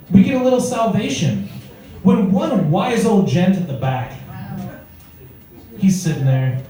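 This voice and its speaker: A man's voice: on the high side, warm tone. A male stand-up comedian telling crude stories conversationally and working the crowd from a comedy club stage. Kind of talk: stand-up set. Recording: echoey club from far off, crowd.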